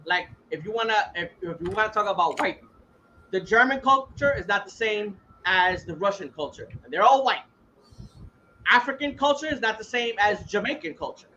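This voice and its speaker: Bright-voiced man on a heated profane rant. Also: high-pitched, animated, normal speed, muffled recording, a little hiss or hum. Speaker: podcast host. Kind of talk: casual podcast chat.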